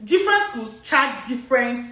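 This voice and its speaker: A woman's voice: fairly high pitch, big pitch swings, moderate pace, bright, forceful tone, roomy sound. A woman with a Nigerian accent coaching on study abroad in a live Q&A, chatty, laughing often and repeating herself. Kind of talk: live social media Q&A.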